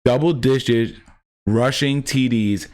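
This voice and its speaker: A man's voice: medium pitch, slow pace, darkish tone. Rambling man in a sports podcast. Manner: rambling, stat-heavy, restarts often. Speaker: podcast host. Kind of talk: casual sports chat.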